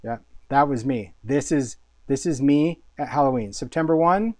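A man's voice: medium pitch, normal speed, warm tone, no echo. A man hosting a casual live product showcase, talking with enthusiasm, chatty and often repeating words as he thinks. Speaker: host and product designer.

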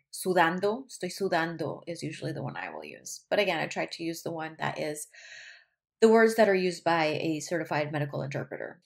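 Colombian-born woman slowly drilling medical Spanish. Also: lowish voice. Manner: slow, careful pronunciation with repetition. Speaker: nurse practitioner teaching medical Spanish. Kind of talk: vocabulary lesson.

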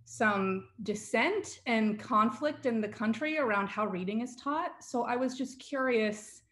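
A parent asking a panel a question in a tentative, hedging way. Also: female voice, fairly high pitch, measured pace, a bit bright. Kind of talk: audience question.

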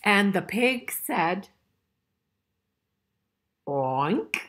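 A woman's voice: medium pitch, very animated, unhurried, gravelly, fairly bright tone, slightly rough. An older woman reading a picture book aloud to children, playful and chuckling, asking her listeners questions as she goes. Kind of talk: interactive read-aloud for children.

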